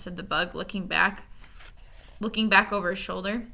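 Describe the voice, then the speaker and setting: A woman reading a children's novel aloud with expressive storytelling. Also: fairly low pitch, moderate pace, creaky. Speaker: reader.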